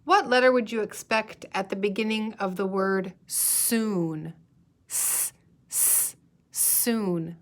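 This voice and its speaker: Slow, patient woman teaching young readers. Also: mid-range voice. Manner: slow, patient, sounding out words and pausing for answers. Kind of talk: recorded guided-reading lesson for young students.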